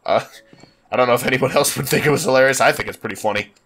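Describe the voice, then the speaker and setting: A man with a stuffy, congested voice rambles through his let's play commentary, poking fun at himself as he goes. His pitch sits at an ordinary middle for a man, and a faint hiss runs under the desktop mic. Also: very fast, a bit bright. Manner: rambling, self-mocking chatter. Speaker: gaming YouTuber.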